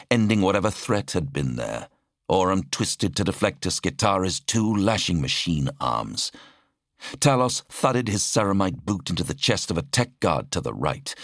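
Deep-voiced man narrating dramatically. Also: no room sound, clean studio sound. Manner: dramatic, expressive reading. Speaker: audiobook narrator. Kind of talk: scripted audiobook narration.

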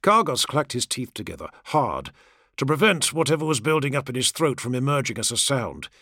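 Gravelly man narrating an audiobook. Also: medium pitch, big pitch swings, fairly quick, bright, forceful tone, no room sound, studio quality. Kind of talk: scripted fiction narration.

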